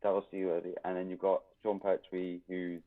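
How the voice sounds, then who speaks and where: A man's voice: deep voice, monotone, normal speed. A man who is a guest on a casual podcast explains things at length in a hesitant way. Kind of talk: casual chat. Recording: tinny phone-like remote line, distant.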